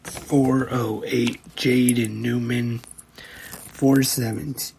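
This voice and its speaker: A man's voice: medium pitch, vocal fry, a little mellow, a little hiss or hum, low-quality recording. A man hosting a podcast, reading out a ranked list with brief asides, and he is losing his voice a little. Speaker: podcast host.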